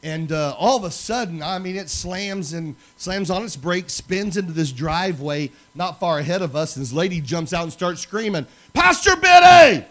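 A man preaching a sermon, telling personal stories in an animated way that swings from loud to hushed. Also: high voice. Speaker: pastor.

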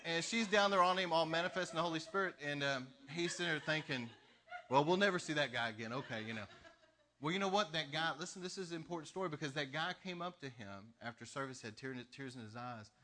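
Man preaching, fairly high voice, bright and forceful, animated storytelling. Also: fast. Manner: storytelling, animated, laughs between lines. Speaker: pastor. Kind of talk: sermon.

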